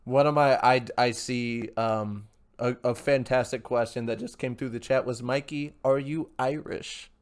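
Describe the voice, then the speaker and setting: A man's voice: mid-range voice, fairly even intonation, moderate pace, smooth. A man hosting a casual podcast. He reads out viewer questions from the live chat and agrees easily with his guest. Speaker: podcast host.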